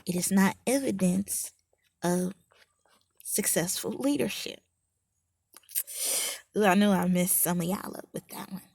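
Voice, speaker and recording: Unhurried woman giving a leadership lesson. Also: mid-range voice, a little hiss or hum. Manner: rhetorical, teasing, unhurried. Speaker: educational consultant. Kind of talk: motivational leadership lesson with storytelling.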